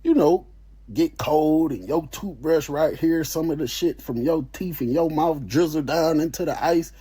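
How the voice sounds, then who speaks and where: A man telling a story in a casual, animated way, full of slang and swearing. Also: fairly high pitch, unhurried, breathy edge.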